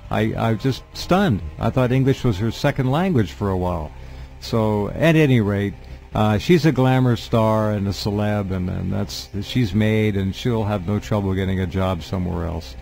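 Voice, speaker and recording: Low-voiced blunt talk radio host. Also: male voice, lively intonation, moderate pace, vocal fry, darkish tone, soft background music. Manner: blunt, opinionated, many short backchannels.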